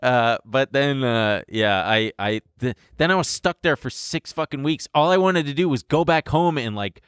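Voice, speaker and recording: A man's voice: medium pitch, moderate pace, a bit bright, clean tone, dry recording, clean studio sound. A man co-hosting a podcast, telling a personal story in a candid way, laughing and swearing as he goes. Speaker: podcast co-host. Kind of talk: casual storytelling chat.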